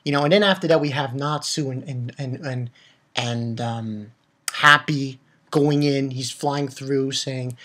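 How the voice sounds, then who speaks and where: A man reviewing a manga chapter in casual chat, excitable and rambling, with many fillers and exclamations. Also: a little high, a little slow.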